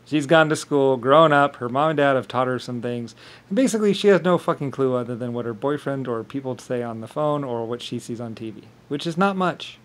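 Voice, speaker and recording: A man talking in a rambling monologue, often laughing and mimicking others in quick quoted voices. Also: mid-range voice.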